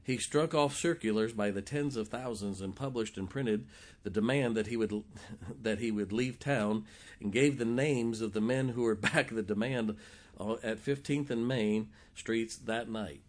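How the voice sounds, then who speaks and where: A male pastor preaching a sermon, telling stories in an animated, jokey way and acting out the quotes. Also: on the low side, measured pace. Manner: animated, jokey storyteller who acts out quotes. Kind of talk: sermon storytelling.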